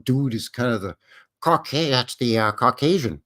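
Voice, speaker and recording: Here a Western Canadian man hosts his live stream in a mid-range, expressive voice with a bit of brightness and a moderate pace. The chat wanders as he acts out quoted voices and answers the audience.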